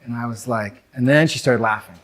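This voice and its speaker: A man's voice: mid-range voice, fairly quick, a bit bright. Brief: young adult North American man, speaking to a live audience, conversational and reflective, mid-range voice. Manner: reflective, conversational, many fillers and asides. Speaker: men's work speaker.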